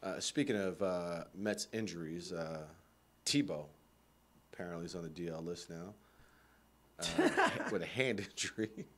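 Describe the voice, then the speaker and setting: A man's voice: low voice, big pitch swings, unhurried, fairly bright tone. A man co-hosting a radio show, talking sports casually, rambling with lots of fillers and frequent laughter.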